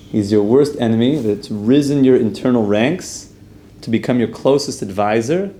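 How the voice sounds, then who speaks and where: A man's voice: on the low side, warm tone. A man teaching a casual religious class, asking his group questions and talking in a loose, chatty way. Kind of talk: casual Torah class with storytelling. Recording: roomy echo, faint room noise.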